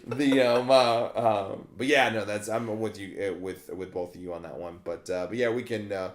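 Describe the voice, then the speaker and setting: A man's voice: fairly low pitch, fairly even intonation, normal speed. A man co-hosting a podcast in a rambling casual chat, full of fillers and easy laughter. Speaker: podcast co-host. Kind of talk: casual film-discussion chat. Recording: roomy echoey room.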